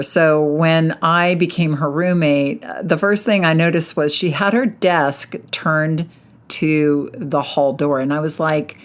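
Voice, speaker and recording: Woman around 60 hosting her podcast, low voice, chatty and lively, laughs a lot telling stories, soft music under it. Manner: chatty, animated storytelling with frequent laughs. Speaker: podcast host, hypnotherapist. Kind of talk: casual podcast monologue.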